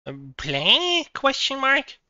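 Bright, lively woman streamer. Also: sits high, slow, no echo, dull audio. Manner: swears a lot, laughs often, thinks aloud. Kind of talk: live game stream chat. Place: home computer setup.

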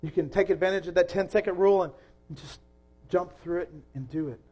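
A young man preaching a sermon in a church, earnest, rising to loud emphasis and dropping soft again. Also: high-pitched, brisk, slightly rough, lo-fi sound. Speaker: pastor.

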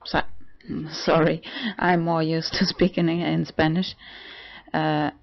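A trans man in his forties talking casually in a vlog. He is halting and often breaks into laughter. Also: a little high, flat delivery, creaky, lo-fi sound. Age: 40s. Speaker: vlogger.

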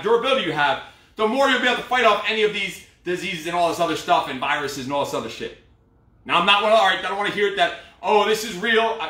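Breathless man barking workout cues. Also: high voice. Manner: shouted drill cues, profane motivational talk. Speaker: fitness trainer. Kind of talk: live workout coaching. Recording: echoey room, from far off mic.

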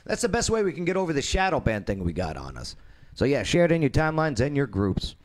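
A man hosting his own talk show, telling a story in a lively, animated way with quoted voices. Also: a little high, fast. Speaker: radio show host.

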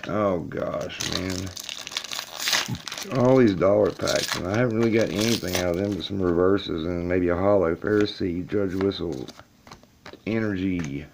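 Low, gravelly male vlogger, chatty, frustrated, calls viewers y'all; filmed on a table camera in a laundry room. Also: a little slow, noisy background. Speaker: YouTuber opening card packs. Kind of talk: casual video commentary.

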